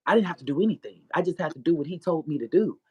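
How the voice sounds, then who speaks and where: A woman's voice: low voice, lively intonation, rapid-fire, a little mellow, husky, dry recording. A woman guest telling her story in a blunt, profane way, mixing in spiritual preaching and frequent laughter. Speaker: guest author. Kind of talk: candid personal storytelling.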